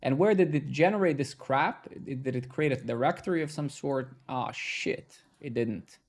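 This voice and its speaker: Gravelly man live-coding and muttering. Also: medium pitch, moderate pace. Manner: talks to himself, swears, excitable outbursts. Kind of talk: casual live-stream commentary while coding.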